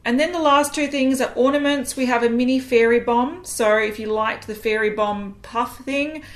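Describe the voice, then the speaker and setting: A woman's voice: fairly high pitch, moderate pace. A woman co-hosting a casual makeup chat, frank and chatty with many ums. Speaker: beauty co-host. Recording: roomy echo.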